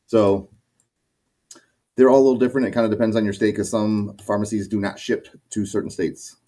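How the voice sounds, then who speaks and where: A man's voice: lowish voice, a little fast. A man co-hosting a casual livestream. He reads viewer questions and explains things loosely, with lots of fillers. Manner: relaxed, explains with many fillers. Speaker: co-host reading viewer questions.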